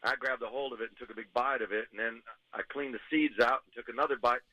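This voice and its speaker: A man's voice: medium pitch, fairly even intonation, fast talker, pushed and bright, dry recording, poor audio. A man calling in to a radio show, telling an embarrassing story in a rambling, sheepish way. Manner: sheepish, rambling, laughs at himself. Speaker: caller.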